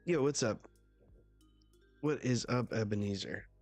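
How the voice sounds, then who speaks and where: A man reacting live to a new comic chapter, casual, excitable and swearing. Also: medium pitch, measured pace, no echo, soft background music. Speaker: manga reaction streamer.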